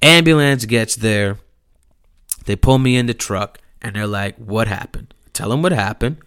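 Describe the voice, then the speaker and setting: A man's voice: mid-range voice, normal speed, clear, resonant tone, no echo, studio quality. A young man telling a personal story in a casual, slangy and profane way, acting out the people in it. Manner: animated, slangy and profane, acts out quotes.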